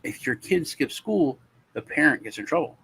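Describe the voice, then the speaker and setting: Husky man, casual co-host, animated storyteller. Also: fairly high pitch, moderate pace. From Texas. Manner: animated, acts out his kids' voices.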